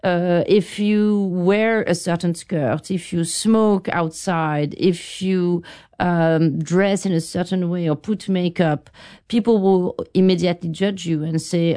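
Woman, middle-aged, smooth resonant voice, reflective interview guest. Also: fairly low pitch, steady tone, dark tone. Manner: thoughtful, halting, with restarts.

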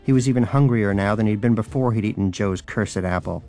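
Low-voiced man narrating a comic audiobook. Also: brisk, a little mellow, soft background music.

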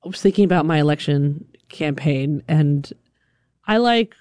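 A woman from Alabama telling a personal story in a lively, chatty way, full of "like". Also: sits low, normal speed, no echo.

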